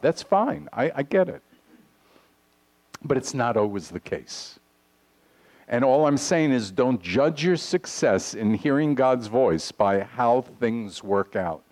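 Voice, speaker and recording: A man preaching a sermon to his congregation, earnest and deliberate, reading scripture aloud. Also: mid-range voice, darkish tone. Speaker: pastor. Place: congregation hall.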